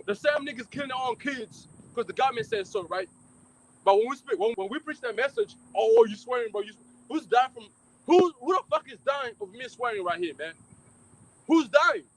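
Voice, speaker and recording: A man with a strikingly high voice preaches in a fiery, confrontational street style. He's loud and heavily emphatic, swears freely, and mocks anyone who objects, all on poor-quality audio.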